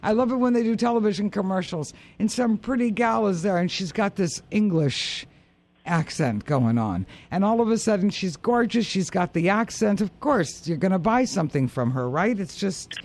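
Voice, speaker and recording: A woman hosting a golf radio show, eager and effusive with her guest. She chats casually and keeps the talk lively. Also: medium pitch, normal speed. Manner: laughs often, eager and effusive. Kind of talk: casual interview chat.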